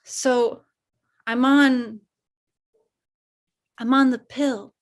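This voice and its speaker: A shy 1950s teen girl confessing a secret, played by a woman. She speaks slowly with a somewhat high voice, halting and unsure, in a live improv comedy scene. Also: fairly even intonation, exaggerated voice. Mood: earnest.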